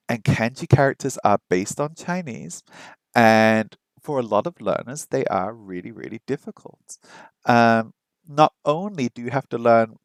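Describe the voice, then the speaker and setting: A man's voice: medium pitch, no echo, poor audio. A man hosting a casual live stream, rambling and chatting with viewers, with frequent ums and restarts. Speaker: live-stream host learning a language.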